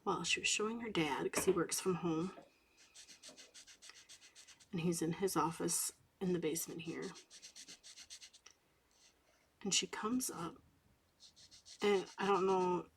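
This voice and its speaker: A woman in her thirties, host of a coloring channel, chatting softly late at night while coloring, sometimes dropping into a whisper. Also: lowish voice, unhurried, pauses often, slight background noise. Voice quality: gravelly, husky voice. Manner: soft-spoken, drifting into whispers at times.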